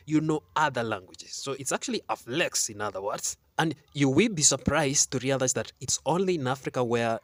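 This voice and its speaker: A man's voice: mid-range voice, fairly bright tone, dry recording. Kenyan man arguing a point. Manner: rhetorical, argumentative, asks questions. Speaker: show host. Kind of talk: opinionated commentary to camera.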